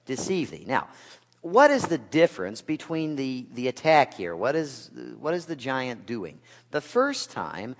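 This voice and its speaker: A male pastor delivering a sermon, with rhetorical questions and dry asides, swinging from loud to hushed. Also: medium pitch. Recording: long reverb of a large hall.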